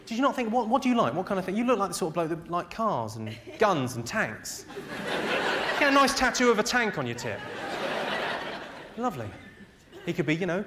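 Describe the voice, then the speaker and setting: Deadpan comic roasting a crowd. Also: male voice, high-pitched, fairly quick, pauses often, very noisy. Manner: deadpan, teasing crowd work. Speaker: stand-up comedian. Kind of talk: stand-up roast of the audience. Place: live theatre with an audience. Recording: loud audience laughter behind.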